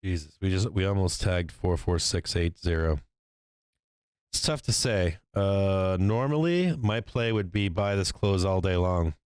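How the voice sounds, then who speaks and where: A man with a lowish, smooth and resonant voice talks through stock charts as they move. He swears freely and breaks into laughter often. The sound is dry and close, with no room echo. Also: unhurried. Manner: profane, excitable, laughs often. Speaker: stock market livestream host. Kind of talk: live trading commentary.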